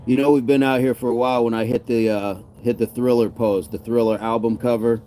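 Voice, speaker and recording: A cheerful man hosts a casual live stream, reading viewers' comments aloud and laughing easily. His voice sits at an ordinary middle pitch for a man. A faint hum of passing traffic runs behind him. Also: steady tone, a little fast, mellow. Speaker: fitness streamer.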